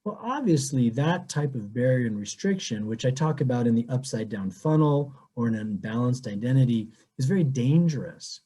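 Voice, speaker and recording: Man with a mellow husky voice. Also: mid-range voice, expressive, moderate pace, hardly any pauses. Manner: conversational, with frequent restarts and anecdotes. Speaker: priest and webinar presenter. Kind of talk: speaking in a webinar Q&A. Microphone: video call.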